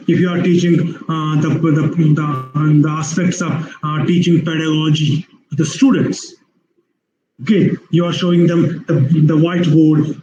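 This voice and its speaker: A man's voice: on the high side, warm tone, roomy sound, muffled recording, a little hiss or hum. A man with an Indian English accent giving an online webinar lecture, explaining at length with frequent fillers and restarts. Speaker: university lecturer.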